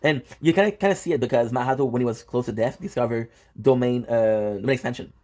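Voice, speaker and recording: Man, warm relaxed voice, casual reaction talk, excitable, cursing, lots of ums. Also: mid-range voice, fast. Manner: excitable, swears often, many fillers and restarts. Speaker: manga reviewer.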